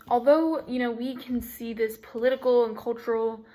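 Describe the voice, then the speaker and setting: A woman's voice: fairly high pitch, fairly even intonation, moderate pace, warm tone. A young woman giving a casual student presentation, chatty and full of "you know" and "like" fillers. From United States.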